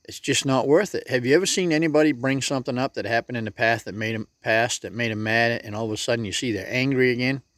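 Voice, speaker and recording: A man's voice: mid-range voice, fast, few pauses, fairly bright tone, no room sound, clean studio sound. Plain-spoken man giving folksy advice. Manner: plain-spoken and folksy, talks straight to the viewer. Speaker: motivational vlogger. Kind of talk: casual motivational monologue.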